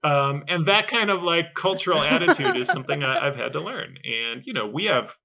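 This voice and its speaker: A man's voice: on the high side, lively intonation, a little fast, gravelly, pushed and bright, low-quality recording. A man who leads a game studio, talking enthusiastically as a podcast guest. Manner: enthusiastic, upbeat, talks with energy. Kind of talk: casual interview chat.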